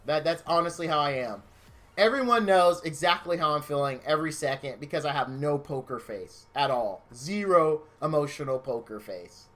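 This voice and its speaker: A man's voice: a little high, expressive, moderate pace, fairly bright tone, soft background music. A man streaming from his home game room, chatting casually with viewers in a gushing, openly emotional, rambling way.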